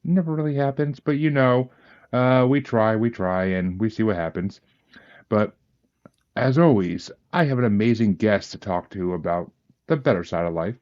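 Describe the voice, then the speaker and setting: A man's voice: lowish voice, moderate pace, a little mellow. A man hosting a podcast, chatty and self-deprecating as he talks with a guest. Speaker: podcast host. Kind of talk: casual podcast interview. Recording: dull lo-fi audio.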